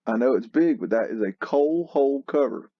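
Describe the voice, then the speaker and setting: A man's voice: mid-range voice, animated, normal speed, dry recording, lo-fi sound. A man hosting a casual commentary over old photos, scoffing and exclamatory, with a mocking edge. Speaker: host.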